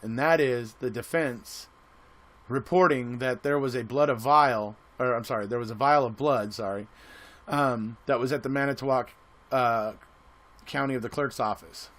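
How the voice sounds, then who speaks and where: A man's voice: mid-range voice, fairly bright tone. A man giving casual spoken commentary as an online commentator. He rambles, often restarting and repeating words, and grows emphatic when he is being critical.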